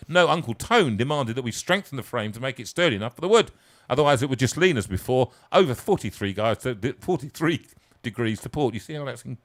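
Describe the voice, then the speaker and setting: Wry storyteller. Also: male voice, mid-range voice. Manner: wry, self-mocking asides. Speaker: singer and storyteller. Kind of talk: live storytelling, reading his own story.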